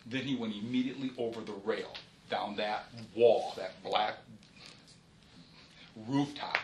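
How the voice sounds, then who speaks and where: A man, a police supervisor, recounts a shooting in detail during a formal interview, in halting runs with restarts and a polite "yes, sir.". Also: lowish voice, a little hiss or hum. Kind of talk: recorded investigative interview.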